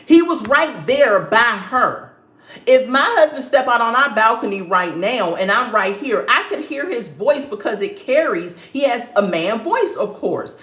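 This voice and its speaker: A woman's voice: fairly high pitch, animated, a little slow, a bit bright. A young woman giving a casual, sassy review of a reality show. She laughs often and acts out the people she describes. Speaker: reality TV recap vlogger. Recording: roomy echo.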